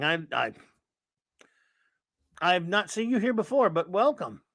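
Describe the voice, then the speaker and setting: A man's voice: high-pitched, big pitch swings, measured pace, long pauses, fairly bright tone, no room sound. A man hosting a casual live stream, rambling and sarcastic as he greets viewers and rants. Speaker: host of a live stream chat.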